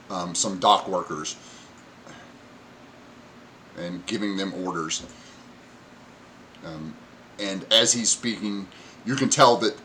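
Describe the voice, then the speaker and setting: A man runs a tabletop game, describing scenes in a casual, halting way. His voice is fairly low yet bright and crisp, with a faint hiss behind it. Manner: casual, many fillers and restarts while describing. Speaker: game master.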